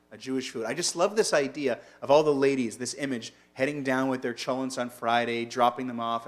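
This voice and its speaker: A man teaching as a rabbi in a casual online lunch-and-learn, chatty and digressive, often asking his listeners questions. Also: mid-range voice.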